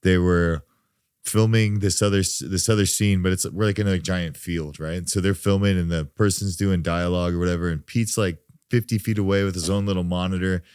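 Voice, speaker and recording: Man, podcast co-host, storytelling, easygoing, swears, low voice, dry sound. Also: fairly even intonation, brisk, a little mellow, smooth, dry recording. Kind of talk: casual anecdote telling.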